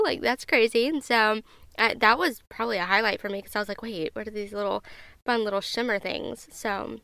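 A woman's voice: medium pitch, pushed and bright, clean tone, dry recording. A woman, hosting a podcast and gushing over music in bubbly, casual chat. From Southern United States. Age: 20s. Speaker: podcast host.

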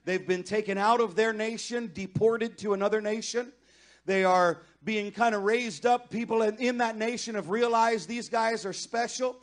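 A man preaching a sermon as pastor of a church, moving from easy conversational talk to loud, impassioned pleading. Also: sits high, fairly even intonation, normal speed. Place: church sanctuary.

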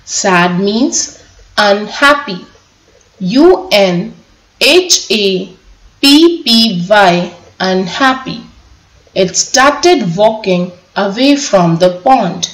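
A woman teacher giving an online lesson to young children, reading a story aloud slowly and spelling out words letter by letter. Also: medium pitch, lively intonation. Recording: echoey room.

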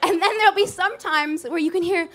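A woman's voice: very high voice, fairly quick, crowd noise. A woman performer chatting to a club audience between songs in a rambling, anecdotal way, heard on a live recording over a band. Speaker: singer and stage performer. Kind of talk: cabaret stage banter. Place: small live music venue.

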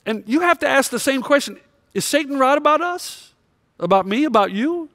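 A man's voice: very high voice, animated, normal speed, pushed and bright, no room sound, studio quality. A male pastor preaching a sermon with impassioned, confessional storytelling.

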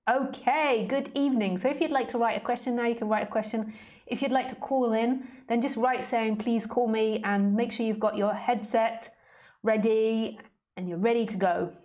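A woman's voice: on the high side, fairly even intonation, moderate pace, a little mellow. Woman, spiritual teacher, playful, jokey, casual live-stream talk. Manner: playful, joking, often laughing.

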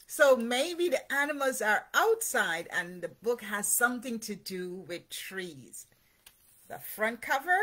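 A woman's voice: a little high, bright, forceful tone. A woman leading a children's read-aloud, giving parents encouraging, teacherly tips. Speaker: early childhood educator.

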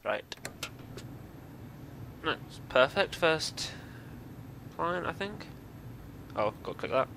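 A man's voice: on the high side, big pitch swings, slow, gravelly, pauses often, noisy background. A young man casually commentating a game as he plays, rambling and hesitant with lots of fillers and restarts. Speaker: gameplay video host. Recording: game music loud behind voice. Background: loud game music.

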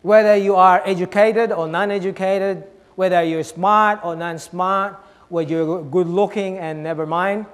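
Preaching in a large hall, this high-voiced male pastor keeps a steady tone and a slightly slow pace. Rhetorical questions come again and again, and his delivery moves between loud stresses and quiet, low asides.

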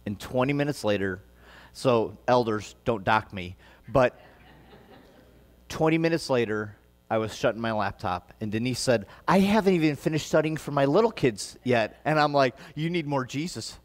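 A man's voice: medium pitch, expressive, moderate pace. Earnest Midwestern man preaching in a reverberant church. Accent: Midwestern American. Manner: earnest, conversational preaching with rising emphatic passages. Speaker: pastor. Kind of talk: sermon. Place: church sanctuary. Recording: long reverb of a church hall.

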